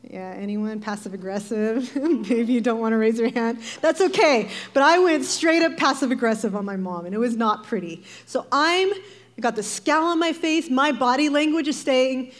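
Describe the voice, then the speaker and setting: Animated woman telling a sermon story. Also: fairly high pitch, moderate pace. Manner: animated, acts out quoted voices, laughs often. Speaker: speaker giving a devotional talk. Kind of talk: sermon-style personal storytelling.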